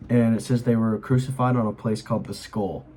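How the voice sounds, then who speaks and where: A man's voice: fairly low pitch, fairly even intonation, brisk, warm tone, soft background music, low-quality recording. A young man explaining a Bible chapter in a casual, earnest way, rambling with lots of fillers as he reads and comments. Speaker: Bible study host.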